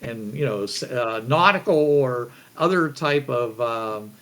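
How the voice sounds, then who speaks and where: A male game master narrating a tabletop role-playing session. He rambles through the scene with frequent restarts and fillers, at an ordinary middle pitch. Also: lively intonation, unhurried, a bit bright.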